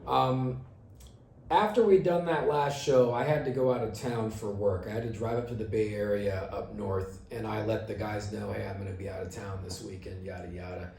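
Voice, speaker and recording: A man's voice: lowish voice, fairly even intonation, moderate pace, a little mellow, echoey room, a little hiss or hum. A middle-aged man telling the story of his band in a casual monologue, swearing and acting out his own angry reactions.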